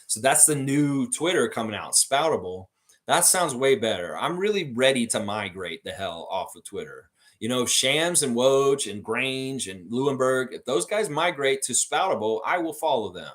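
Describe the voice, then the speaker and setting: Animated, profane man. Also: medium pitch, moderate pace. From Canada. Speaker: host of a basketball fan livestream. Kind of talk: casual live-stream chat reading comments.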